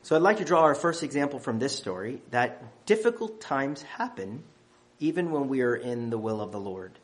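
Man preaching, average pitch, builds emphasis point by point. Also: animated, moderate pace. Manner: emphatic, counting off numbered points. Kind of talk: sermon.

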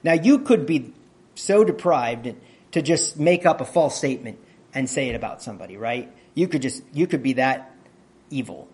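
A man preaching a sermon in a conversational teaching manner, often asking his listeners questions and clearing his throat. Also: medium pitch, expressive, moderate pace, darkish tone.

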